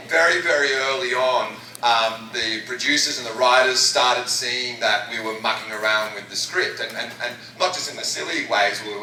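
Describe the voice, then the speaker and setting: Australian male panelist, enthusiastic and rambling; bright timbre, distant in a roomy hall. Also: medium pitch, a little hiss or hum. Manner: rambling, enthusiastic, many restarts. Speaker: actor on a convention panel. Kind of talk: casual panel talk. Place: large convention hall. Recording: echoey hall recorded from far off.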